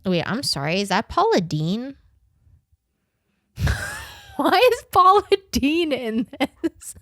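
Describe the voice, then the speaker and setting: A woman in her twenties hosts a podcast with a high voice, recorded dry in a clean studio. She chats casually and animatedly, swearing, laughing often, and stumbling haltingly when she reads aloud.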